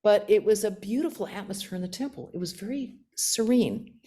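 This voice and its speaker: A woman in her sixties from the United States, a nun giving a talk and telling stories from her life in an animated, self-mocking way. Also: mid-range voice, a little fast. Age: 60s. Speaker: guest speaker, nun. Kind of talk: storytelling talk with questions.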